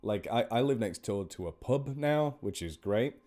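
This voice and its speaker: Speaking indoors at home, a man with a fairly low, warm, expressive voice chats casually at normal speed between horror stories on a charity live stream. He rambles, pokes fun at himself, and thanks each donor by name.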